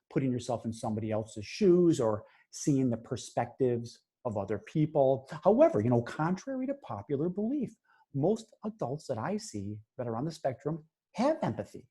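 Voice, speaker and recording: Husky, mellow-voiced man giving a webinar talk. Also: mid-range voice. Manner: conversational, many restarts and fillers, quotes clients in brief voices. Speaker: clinical psychologist presenting a webinar. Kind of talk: webinar presentation.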